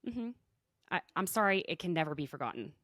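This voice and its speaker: Lively woman podcast host. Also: fairly low pitch, no echo, clean studio sound. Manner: animated, chatty, quick asides. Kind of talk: casual recap chat. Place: podcast recording.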